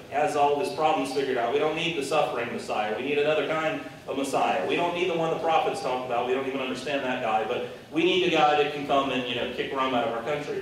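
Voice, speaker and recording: Man preaching in an echoey hall. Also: medium pitch. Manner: storytelling, conversational, animated. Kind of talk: sermon. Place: large hall, worship service. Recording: echoey hall from far off, faint noise.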